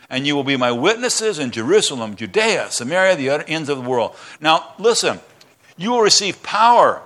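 A man preaching a fired-up sermon as a pastor, excited and passionate, often stumbling and restarting his sentences. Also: a little high.

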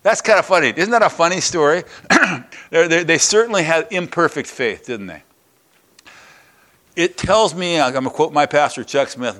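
A man's voice: medium pitch, fairly quick. An older man preaching a sermon, retelling a Bible story and a personal anecdote, acting out the quoted voices with chuckles. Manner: lively, acts out the scenes with quoted voices and chuckles. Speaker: pastor.

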